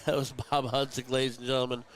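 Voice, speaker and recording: A man's voice: mid-range voice, little pitch movement, fast talker. A man hosting a live darts tournament stream, chatting and commentating in a heartfelt, emotional way.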